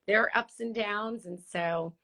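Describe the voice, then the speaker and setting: A woman in her forties as a guest in a casual conversation, talking in a reflective, heartfelt, unhurried way. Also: mid-range voice, bright, forceful tone.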